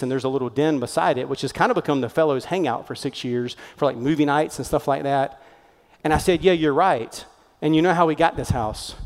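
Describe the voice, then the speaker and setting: A man, a pastor telling a story in a sermon, animated and conversational, acting out the voices he quotes. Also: a little high. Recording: long hall reverb.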